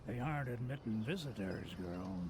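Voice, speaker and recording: An actor voicing a surly old male drunk in a video game, gravelly and mocking, heard over clear background noise. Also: mid-range voice, lively intonation, moderate pace.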